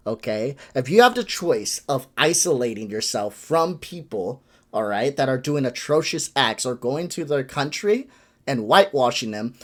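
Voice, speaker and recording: A fed-up man delivers a profane, lecturing rant as he reacts to a clip. His pitch swings widely and keeps rising and falling, so the voice sounds lively even when he is annoyed. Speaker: reaction video host. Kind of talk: ranting commentary.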